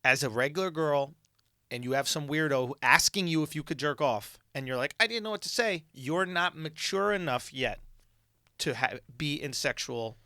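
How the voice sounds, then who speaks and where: Man, comedy podcast co-host, high voice, bright tone, dry close sound, excitable. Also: moderate pace, no room sound. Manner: loud, excitable, swearing storyteller. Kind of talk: casual podcast banter.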